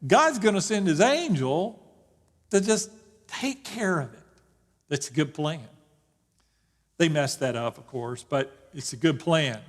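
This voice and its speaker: In a church sanctuary full of long reverb, a man who is a pastor teaches a Bible study. His fairly high, expressive voice moves at a measured pace with long pauses, and his relaxed, joking style includes many restarted sentences.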